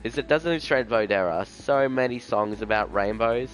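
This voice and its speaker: A young male gaming streamer chats casually as he plays live, rambling in slang and often tossing in "bro." His voice is medium-pitched at a normal speed, with faint music behind it.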